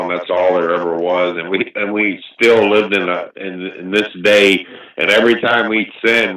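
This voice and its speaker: A man with a lowish voice speaks earnestly and reflectively about faith, often stopping and restarting his sentences. He sits a little back from the mic, and the room around him rings with strong echo. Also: fairly bright tone, recorded from a distance. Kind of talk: casual religious chat.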